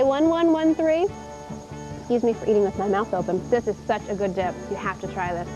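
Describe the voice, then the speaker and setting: A young woman from Indiana hosting a live TV shopping show, chatty and upbeat as she demonstrates cookware. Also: sits high. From Indiana, USA. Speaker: home shopping host. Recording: dull 1990s TV broadcast tape.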